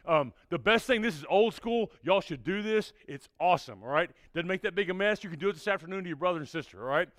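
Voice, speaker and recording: A man, a preacher telling a youth group a story in an energetic way and checking in with "all right?" after almost every line. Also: high-pitched, fast, hardly any pauses, no echo.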